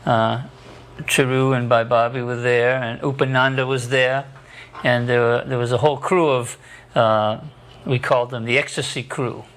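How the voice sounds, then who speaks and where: Flat-voiced man narrating with hesitations. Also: mid-range voice, moderate pace. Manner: plain and matter-of-fact, with many hesitations. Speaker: documentary narrator. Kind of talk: casual documentary narration.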